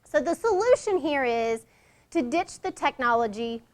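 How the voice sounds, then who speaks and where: A middle-aged woman gives a workshop presentation in a conversational manner, acting out example lines in different tones. Her high voice swings widely in pitch, and she talks at a normal speed.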